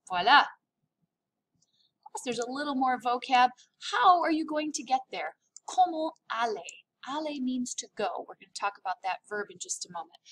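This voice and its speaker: A woman's voice: on the high side, fairly bright tone. An upbeat, playful woman teaching a recorded French lesson, drawing out words to model pronunciation.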